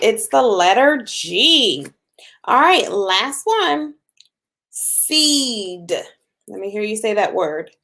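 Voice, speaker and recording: A woman teaching a phonics lesson to young children, patient and encouraging, sounding out letters slowly. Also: a little high. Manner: slow, patient, drawn-out sounds with encouraging praise.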